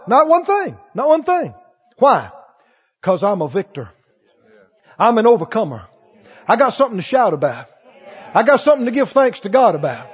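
Male preacher, very high voice, husky, lively delivery, congregation questions, acts out doubters. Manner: preaching with call-and-response questions. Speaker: pastor. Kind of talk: sermon. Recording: dull recording in a large echoing hall.

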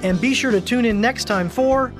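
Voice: mid-range voice, moderate pace, loud music behind the voice. A radio announcer reading a formal closing announcement for a ministry program.

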